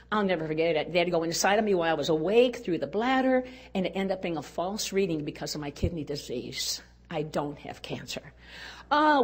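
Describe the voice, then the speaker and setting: An older woman speaking at a women's conference, telling a personal story in an earnest way and dropping to a hush at tender moments. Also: medium pitch. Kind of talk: storytelling talk.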